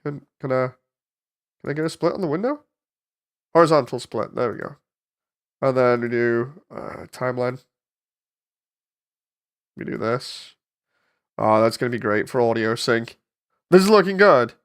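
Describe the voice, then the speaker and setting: Congested from a cold, this 3D animator and channel host talks a little slowly in an expressive mid-range voice, with long pauses. He rambles casually while editing an animation, thinking aloud and using frequent fillers.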